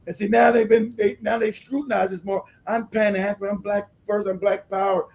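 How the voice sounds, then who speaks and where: This is a man running his own livestream commentary, talking with a high voice that keeps catching in a gravelly rasp. He pushes each point with emphasis and laughs often between lines. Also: flat delivery, brisk, darkish tone. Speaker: livestream host.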